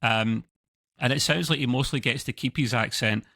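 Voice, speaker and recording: A Scottish man co-hosting a TV review show chats casually over a video call, rambling, correcting himself as he goes, and dropping chuckling asides. His mid-range voice has vocal fry and a bright, forceful tone at normal speed, in a dry recording.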